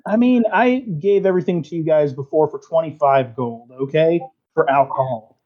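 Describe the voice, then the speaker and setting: A man narrating a tabletop game as game master, easygoing and filling pauses with "uh". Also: on the high side. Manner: easygoing, many fillers. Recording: dull lo-fi sound.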